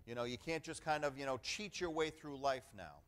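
A middle-aged male pastor preaches a sermon in an emphatic, conversational style, his voice at an ordinary male pitch, a bit bright, and a little fast. He drives his points home with calls of "amen" and repeated phrases.

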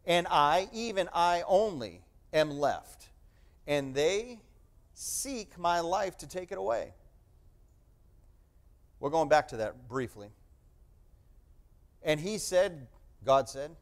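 A middle-aged man preaching a sermon, reading scripture aloud and explaining it, sometimes proclaiming loudly and sometimes dropping to a hush. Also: a little high, lively intonation, takes it slowly, pauses often.

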